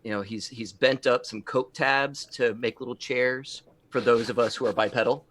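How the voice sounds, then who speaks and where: A man's voice: mid-range voice, fairly even intonation, moderate pace, fairly bright tone, a little hiss or hum. A man playing a tabletop role-playing game, rambling and restarting as he describes scenes. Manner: rambling, many restarts and fillers. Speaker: player. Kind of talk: casual tabletop play.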